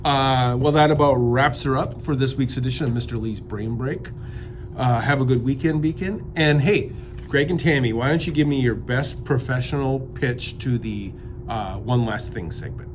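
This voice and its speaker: A man's voice: medium pitch, moderate pace, slight background noise. A man hosting a children's show in an easygoing, playful manner. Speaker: host of a kids' show.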